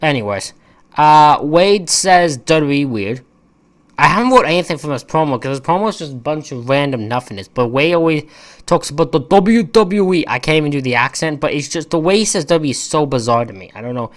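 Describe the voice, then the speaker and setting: A man's voice: a little high, lively intonation, a little fast. A man giving a casual, rambling wrestling-show recap, full of opinionated and exasperated asides. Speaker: wrestling reviewer.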